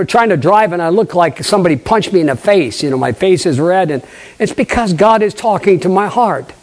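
An older man, a pastor, preaching a lively sermon, acting out conversations and questioning his congregation. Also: high-pitched. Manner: animated preaching, acts out dialogue, asks the congregation questions.

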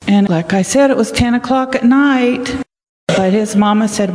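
A woman's voice: mid-range voice, normal speed, darkish tone. An older woman telling a story as a children's sermon, asking the children questions as she goes. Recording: echoey hall.

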